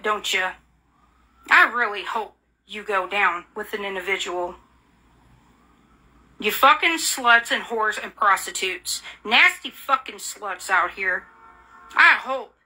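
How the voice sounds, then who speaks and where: A woman launches into an angry, profane rant, flinging the same insults and accusations again and again. Her fairly high voice has a sharp tone, and she sounds furious, bitter and accusing.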